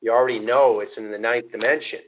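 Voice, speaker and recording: A man's voice: medium pitch, fairly even intonation, fast. A man teaching in a live question-and-answer stream, lecturing in repetitive lists. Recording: dull lo-fi stream audio.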